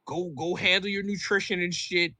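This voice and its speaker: A bitter, belligerent bar regular complains and sneers in a raised, whiny voice, as a man puts him on while telling a story. He sounds louder than the teller's own talk, and the room is dry and close. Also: high voice, little pitch movement, normal speed, no room sound, voice pushed up. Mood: spiteful. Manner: indignant, nagging, insulting. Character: belligerent middle-aged male bar customer, whiny and bitter. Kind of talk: acted quote in a podcast story.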